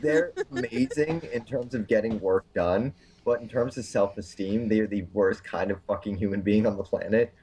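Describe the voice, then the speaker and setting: A man co-hosting a podcast, telling profane, animated stories with a chesty cough. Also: fairly low pitch, normal speed, few pauses. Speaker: podcast co-host. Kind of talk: casual chat.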